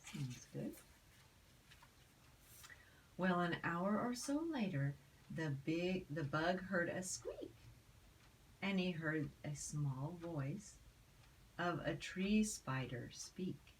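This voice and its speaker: An older woman reading a rhyming picture book aloud, expressive, with asides to a child. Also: fairly low pitch, drawn-out words, pauses often, distant mic, slight background noise, rough recording. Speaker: storyteller.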